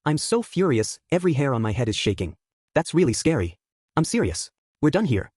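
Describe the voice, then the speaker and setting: A man voicing a grieving female witch spirit who scolds gently but loudly, in a brisk audiobook reading. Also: a little high, very animated, husky, no echo, clean studio sound. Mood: indignant. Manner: scolding yet gentle, raised voice.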